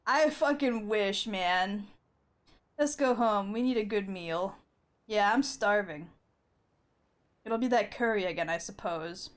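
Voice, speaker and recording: Over background game music, a young adult woman streams a video game in a medium-pitched voice, speaking slowly and pausing often. Her live commentary mixes crying, laughter and swearing.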